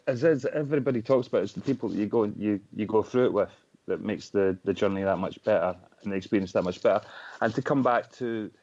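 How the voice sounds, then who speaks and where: A Scottish man with a fairly low voice chats easily as a guest, joking at his own expense and stumbling through restarts. The sound is a little muffled and lo-fi. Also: a little mellow. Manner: chatty, self-deprecating, many restarts. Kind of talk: casual chat.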